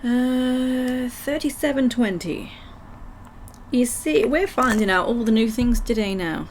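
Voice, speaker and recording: A woman with a croaky throat chatting with her live chat while reading game text aloud. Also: fairly high pitch, takes it slowly, slight background noise. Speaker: livestream gamer.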